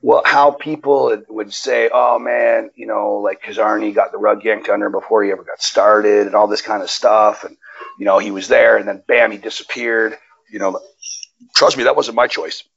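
A man guest on a wrestling interview, telling stories in a casual, profane and animated way, his pitch jumping up when he gets excited. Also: normal speed, gravelly, slightly rough, dull audio. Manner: animated, profane storytelling with sudden jumps in pitch. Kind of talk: casual storytelling chat. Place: Nevada.

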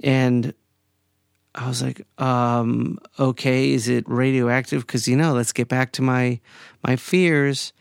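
A man in his forties telling a personal story in a casual, animated way, sometimes profane and heated. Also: medium pitch, slow, creaky, clean tone, no room sound, studio quality. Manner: animated, profane, rising to anger.

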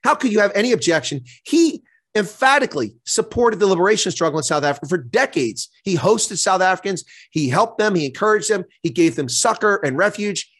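A man's voice: high voice, no room sound. A man giving a guest interview on politics, speaking with indignant, impassioned emphasis. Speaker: guest commentator.

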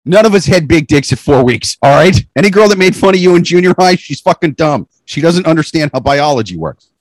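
A man's voice: fairly high pitch, brisk, dry recording. A man co-hosting a podcast, cracking profane jokes in casual banter. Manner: joking, profane, deadpan asides. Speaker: podcast co-host.

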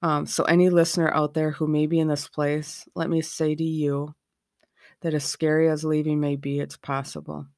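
A woman's voice: low voice, flat delivery, moderate pace, darkish tone, dry recording, studio quality. A middle-aged woman hosting a podcast, talking frankly and candidly from her own experience. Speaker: podcast host. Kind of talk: candid personal podcast talk.

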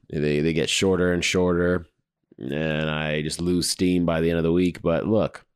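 A hoarse man hosting a podcast, telling stories in an animated, profane, casual monologue. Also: fairly low pitch. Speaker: podcast host.

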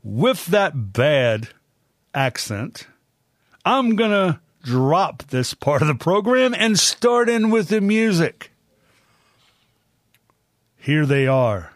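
An older man hosting a music show, introducing songs in an unhurried, folksy, chatty way. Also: a little high, no room sound, clean studio sound. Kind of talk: casual spoken introduction of music.

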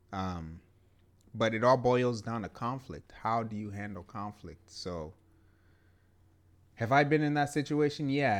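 A young man with a fairly low voice co-hosts a relaxed podcast conversation. He talks emphatically and circles back on his points, stacking up "yeah"s as he goes. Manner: emphatic, repeats "yeah" and "to be honest". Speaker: podcast co-host. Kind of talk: casual chat.

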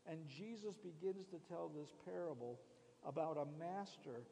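A man preaching a sermon, reading scripture aloud and explaining it with animated emphasis. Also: a little high, normal speed, creaky, long reverb tail, low-quality recording. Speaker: pastor.

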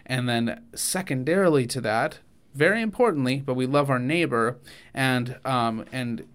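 A man co-hosting a faith and politics podcast, talking in an earnest, halting way with many restarts. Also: medium pitch, fairly bright tone, smooth. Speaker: podcast co-host. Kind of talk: casual conversational podcast.

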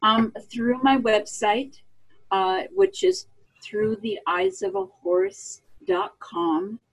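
A woman's voice: mid-range voice, slow, slightly rough, low-quality recording. A woman guest, an equine therapist, talking earnestly and with animation in a casual interview.

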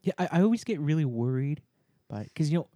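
A man's voice: fairly high pitch, fast talker, no echo, studio quality. A man co-hosting a casual podcast, telling a story with lots of swearing and acted-out voices. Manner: animated, swears freely, acts out voices in stories. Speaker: podcast co-host.

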